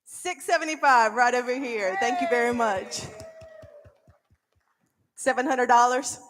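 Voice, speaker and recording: A woman auctioneer calling bids at a charity auction in quick, repetitive, playful rounds. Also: fairly high pitch, fairly bright tone, soft background music. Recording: reverberant event hall.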